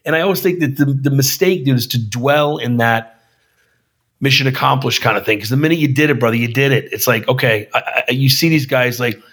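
Man, husky voice, casual podcast chat, profane, says dude and brother. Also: medium pitch, fairly quick, a bit bright. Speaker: filmmaker guest.

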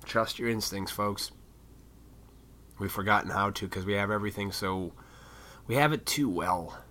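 A man's voice: on the low side, normal speed, pushed and bright, a little hiss or hum. A man delivering a blunt, profane, preachy monologue straight into a microphone as a solo podcast host. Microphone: studio microphone.

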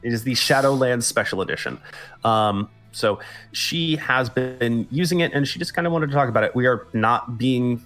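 A man's voice: mid-range voice, normal speed, a bit bright, faint music behind. A man hosting a casual gaming podcast who talks loosely, with fillers and casual swearing, on a home podcast mic. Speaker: podcast host. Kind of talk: casual chat.

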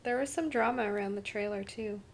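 A young woman in casual chat with friends, talking fast with many "like"s and acting out what people said. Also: medium pitch, vocal fry, a loud crowd. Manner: chatty, lots of "like", acts out quotes.

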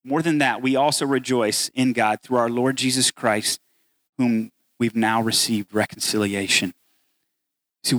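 A man's voice: mid-range voice, fairly bright tone, no echo. A man preaching a sermon as pastor, earnest and building to emphatic peaks as he voices the words of scripture.

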